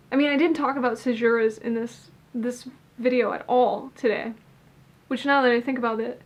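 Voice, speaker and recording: A woman who hosts a channel teaches poetry in a casual, instructional way, thoughtful and slow as she works through ideas and corrects herself. Her voice is on the high side.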